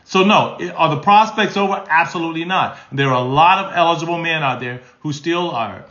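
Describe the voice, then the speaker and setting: A man's voice: fairly high pitch, brisk, fairly bright tone, reverberant, dull audio. A man in his sixties, a marriage counselor answering live questions in a folksy, emphatic way. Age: 60s. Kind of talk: live stream Q&A.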